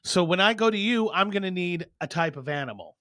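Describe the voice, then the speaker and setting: Animated high-voiced man telling a joke. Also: brisk. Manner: animated storytelling, squeaky voices for characters. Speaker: podcast co-host. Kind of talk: casual chat, telling a long joke. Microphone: studio mic.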